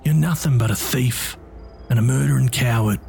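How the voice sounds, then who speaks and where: A man voicing a calm, stern older man who speaks coldly and accusingly. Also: medium pitch, moderate pace, creaky, soft background music, lightly acted. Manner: calm and cold.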